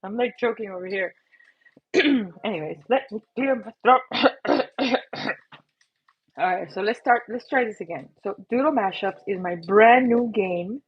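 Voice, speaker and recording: A woman's voice: mid-range voice, measured pace, husky, muffled recording. A woman hosting a casual livestream, chatty and self-mocking as she talks through an itchy, coughing throat. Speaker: livestream host and app creator.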